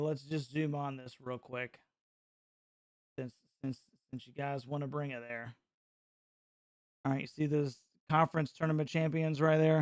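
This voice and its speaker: A middle-aged man from North Carolina hosting a casual live reaction stream, joking and mocking his chat with excitable banter. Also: on the high side, gravelly, dry recording, studio quality.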